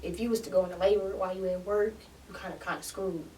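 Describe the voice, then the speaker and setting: A young woman, a podcast guest, telling her story in a casual, animated way with lots of slang. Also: mid-range voice, racing, distant mic, a little hiss or hum, low-quality recording. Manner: animated, slangy, acts out others in quotes.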